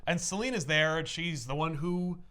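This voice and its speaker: A man's voice: on the high side, moderate pace. A man co-hosting a podcast, retelling a comic plot in casual chat full of "like" asides. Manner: animated storytelling full of "like" asides.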